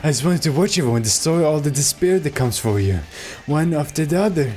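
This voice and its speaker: A streamer voicing an unsettlingly polite young man obsessed with hope, speaking softly while reading game dialogue aloud. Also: mid-range voice, lively intonation, fairly quick, faint music behind, natural voice. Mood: eerie calm.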